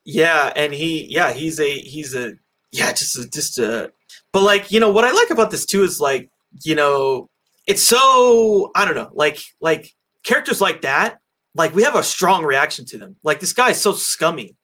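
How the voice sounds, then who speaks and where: A man's voice: a little high, animated, moderate pace, pushed and bright. A man hosting a casual movie review chat over an online call, rambling with lots of fillers and restarts. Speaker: podcast host. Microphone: own mic on an online call.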